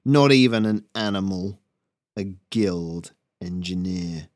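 A man voicing a ruthless male squirrel rebel leader, slow, snarling and commanding. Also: lowish voice, no echo, clean studio sound. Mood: contemptuous.

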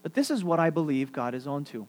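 Animated male preacher, somewhat high voice. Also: fast talker. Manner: animated preaching, swings between loud emphasis and quiet asides; repeats phrases for emphasis. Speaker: pastor. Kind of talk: sermon.

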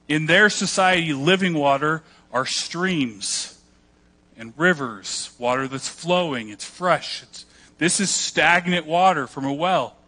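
A man's voice: fairly high pitch, bright, forceful tone. A man pastor preaching a sermon, telling the story conversationally and acting out the quoted voices with a joking touch.

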